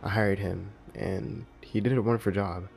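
A very deep, gravelly male voice narrates a horror story in a flat, measured tone. A faint ambient music bed runs quietly behind him.

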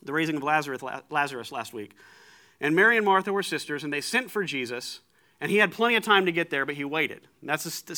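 Bright-voiced man preaching a conversational sermon. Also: on the high side. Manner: conversational, animated retelling with frequent restarts.

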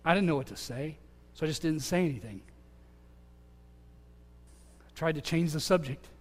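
A man preaching, telling an earnest personal testimony that swings between loud calls and hushed moments. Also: fairly high pitch, normal speed. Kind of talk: sermon testimony. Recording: long hall reverb.

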